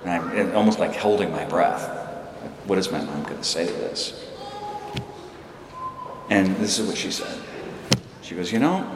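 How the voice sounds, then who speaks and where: A man's voice: sits low, a little slow, pauses often. A man in his sixties preaching a sermon, telling a personal story with emphatic, fervent peaks. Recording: echoey hall with room noise.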